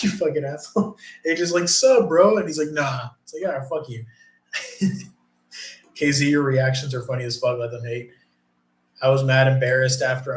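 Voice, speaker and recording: Male streamer, mid-pitch, loose profane chat, roomy echo. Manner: profane, rambling, reads chat aloud. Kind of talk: casual live stream chat.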